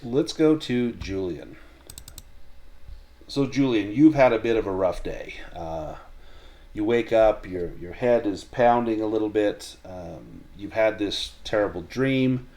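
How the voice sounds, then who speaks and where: A man narrating a tabletop horror game as game master, measured and descriptive, with frequent restarts. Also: lowish voice, warm tone.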